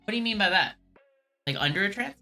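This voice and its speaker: A woman's voice: mid-range voice, animated, quick pace, bright, forceful tone, faint music behind. A woman streamer chatting casually on a live stream, hesitant and trailing off with lots of fillers.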